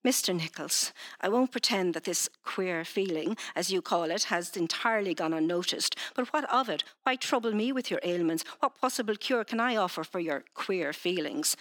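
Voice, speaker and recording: Brief: a woman doing a sharp-tongued Victorian woman novelist, scornful and exasperated. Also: on the low side, animated, moderate pace, hardly any pauses.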